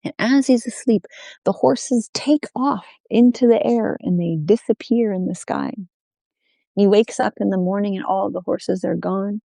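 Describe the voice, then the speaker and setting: A woman telling a folk tale aloud, unhurried, repeating phrases in an oral style. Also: medium pitch, creaky, warm tone, dry recording. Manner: unhurried, with many repetitions. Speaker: storyteller.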